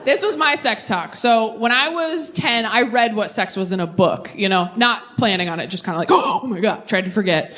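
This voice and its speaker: A woman in her thirties doing a stand-up set with crowd work, quick and self-deprecating, laughing at her own tangents. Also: medium pitch, fairly bright tone. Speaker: stand-up comedian. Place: theater stage with live audience.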